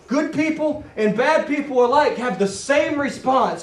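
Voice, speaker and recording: A man preaching a sermon in an animated, dramatic way, acting out the quoted words. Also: high voice, unhurried, hardly any pauses. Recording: roomy, voice from a distance.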